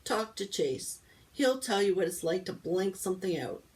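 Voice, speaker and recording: A woman reading aloud voices a crabby old male war veteran who brushes off questions gruffly. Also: medium pitch, lively intonation, normal speed, darkish tone, lightly acted. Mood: grumpy. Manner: gruff, dismissive.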